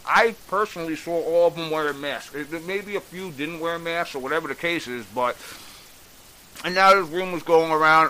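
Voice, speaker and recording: A man's voice: on the high side, normal speed, pushed and bright, slight background noise, low-quality recording. A man delivering a blunt, exasperated opinion rant on a vlog, swearing freely as he goes. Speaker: political commentator.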